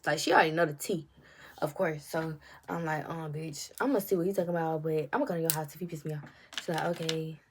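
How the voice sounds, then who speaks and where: A young woman, telling a story in a casual vlog, animated and swearing often as she acts out the quotes. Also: deep voice. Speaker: storytime vlogger.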